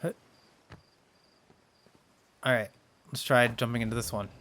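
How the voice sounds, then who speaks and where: A man's voice: mid-range voice, steady tone, a little slow, bright, forceful tone. Chatty man commenting on a game. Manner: chatty, wondering aloud, easily startled. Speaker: let's play host. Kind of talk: casual gameplay commentary.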